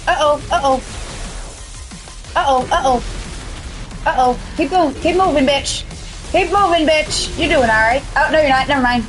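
A tired woman streaming a video game, with a husky voice, reacting crudely and excitedly as she plays. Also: high voice, normal speed, long pauses, poor audio. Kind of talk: casual gameplay commentary. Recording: music playing loudly behind.

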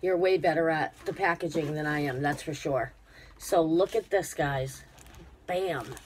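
A woman's voice: deep voice, unhurried, a little mellow, a little hiss or hum. A tired, unwell woman chatting to camera as a crafting vlogger, gushing over a parcel with many fillers. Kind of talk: casual unboxing chat to camera.

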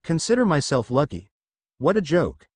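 A man's voice: on the high side, big pitch swings, moderate pace, breathy edge, dry recording, studio quality. A man voicing a brash, bitter young male ninja in a fan story reading, in his own voice.

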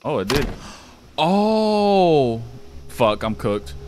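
A man's voice: medium pitch, a little slow. Jumpy, cursing young man gaming. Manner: profane, jumpy, panicky reactions. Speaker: gaming YouTuber. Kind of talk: horror game commentary.

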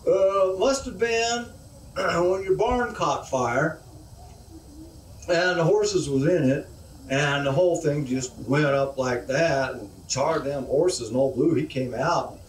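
A storyteller playing a sorrowful, slow-talking country neighbor who rambles with a folksy drawl and bad grammar. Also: male voice, mid-range voice, slight background noise, lightly acted. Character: slow, hesitant rustic neighbor man, sorrowful. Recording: echoey hall from far off.

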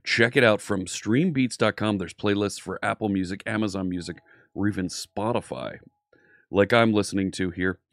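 A man's voice: lowish voice, moderate pace, no echo, clean studio sound. An upbeat man hosting a live coding stream, chatting casually and greeting viewers by name.

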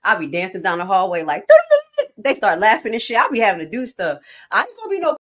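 A woman chatting casually on a livestream in slangy, animated, jokey talk with some swearing. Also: medium pitch, fast talker. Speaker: night nurse and commentary streamer.

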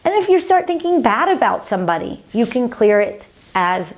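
Earnest woman teaching soft mantras. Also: on the high side, big pitch swings, highs cut off. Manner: earnest, gentle, slows and softens when repeating mantras. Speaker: healing practice teacher. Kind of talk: spiritual teaching to camera.

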